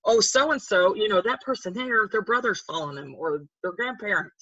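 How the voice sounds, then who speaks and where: An older woman tells stories in a rambling, chatty way, restarting her sentences and acting out the voices of people she quotes. Her voice is bright and a little husky. She is recorded close to the microphone in a dry room. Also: medium pitch, normal speed, no echo, lo-fi sound. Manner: chatty, rambling with restarts, animated when quoting. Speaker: guest. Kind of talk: casual storytelling.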